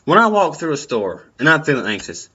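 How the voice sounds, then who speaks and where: Young guy talking earnest encouragement, bright edgy voice, kinda dull lo-fi recording. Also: on the high side, big pitch swings, brisk, slightly rough. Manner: earnest, encouraging, repeats phrases. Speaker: vlogger. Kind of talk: personal advice talk. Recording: dull lo-fi sound.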